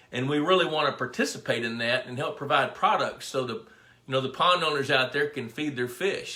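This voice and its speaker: A man's voice: on the high side, bright, forceful tone. Rambling man in an echoey room. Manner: rambling storyteller, greets viewers by name. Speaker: fisheries biologist hosting a live pond Q&A. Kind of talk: casual live-stream chat. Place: indoor room with his dog.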